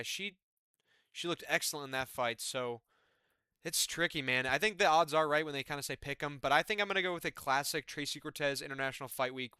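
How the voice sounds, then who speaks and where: Bright, crisp, excitable young man. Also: mid-range voice, no echo, clean studio sound. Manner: excitable, chatty, fillers like man and dude. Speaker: MMA fight predictor. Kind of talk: casual fight-card breakdown.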